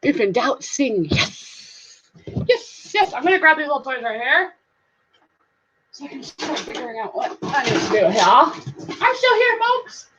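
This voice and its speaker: On a slightly dull, lo-fi live stream with slight background noise, a middle-aged Southern US woman who works as a reseller hosts casually and reads comments in goofy, giggly, playful sing-song voices. Her high voice is expressive and fairly bright in tone, moving at a measured pace with frequent pauses.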